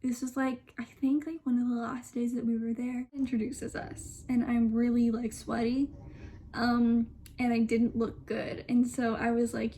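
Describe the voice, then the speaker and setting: With a warm, high-leaning voice that barely moves in pitch, a young woman vlogger tells a personal story at an unhurried pace, with a faint hiss or hum behind her. Her telling is casual and chatty, full of tangents, and she slips into a whisper for quotations.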